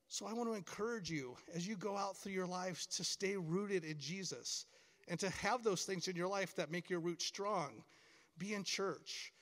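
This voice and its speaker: A man's voice: sits high, fairly bright tone. A middle-aged man giving a chapel talk to schoolchildren, encouraging and full of stories. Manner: storytelling, encouraging, acts out quoted lines. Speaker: camp staff speaker at school chapel. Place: large hall, chapel. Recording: long hall reverb.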